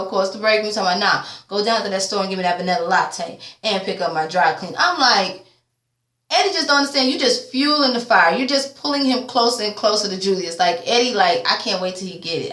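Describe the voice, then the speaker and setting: A tired woman giving a sassy, casual TV episode recap, swearing freely and jumping up in pitch when she quotes the characters. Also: pushed and bright. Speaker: TV recap vlogger. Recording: echoey room.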